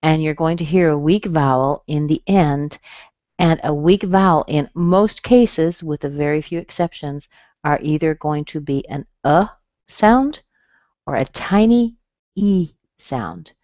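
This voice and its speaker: An American woman teaching pronunciation over a webinar, her voice sitting a little low and moving at an unhurried pace. She is patient and clear, spelling out each sound. The audio is dry and somewhat dull, like a computer mic. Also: warm tone, dry recording. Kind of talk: webinar lesson.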